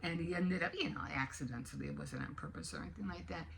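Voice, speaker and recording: Rambling older woman, lively and bright. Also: low-pitched, fast, vocal fry, a little hiss or hum. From United States. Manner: rambling, animated, rising to indignant. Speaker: vlogger. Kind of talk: casual morning chat to camera.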